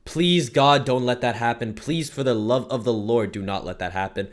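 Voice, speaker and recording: A young man gives a casual commentary rant, rambling and profane, full of slang fillers. His middle-pitched voice swings from loud bursts to low mutters. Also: fairly quick. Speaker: commentary streamer.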